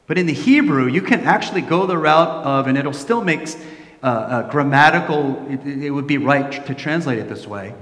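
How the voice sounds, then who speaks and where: A middle-aged man delivers a sermon from the pulpit, acting out the voices in his stories. He drops to a quiet, hushed tone when he turns reflective. His voice rings through a large hall with a long, roomy reverb. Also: medium pitch, a little fast. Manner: animated storytelling, acting out quoted voices. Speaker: pastor.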